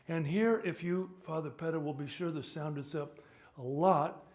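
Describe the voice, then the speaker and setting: Older male clergyman, informal teaching talk, wry asides, voice a touch high. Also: normal speed, hardly any pauses, darkish tone. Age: 70s. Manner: chatty, joking, stops to sort out sound. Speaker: priest leading a workshop.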